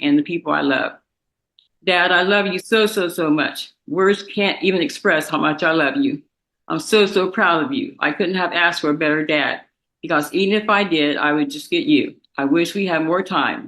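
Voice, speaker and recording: Young woman, courtroom statement read from a page, tearful and halting, bright, pushed tone. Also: sits low, poor audio. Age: young adult. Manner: emotional, halting, with restarts and repetitions. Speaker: victim's daughter giving impact statement. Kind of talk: reading a prepared statement aloud.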